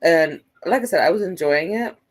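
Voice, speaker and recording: A woman hosting a relaxed livestream from home, chatting loosely and reading out viewer comments as they come in. Her voice sits a little low for a woman, and her talk is full of "like" and "um.". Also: moderate pace. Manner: chatty, reads viewer comments aloud, frequent "like" and "um" fillers. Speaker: livestream host. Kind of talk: casual livestream chat.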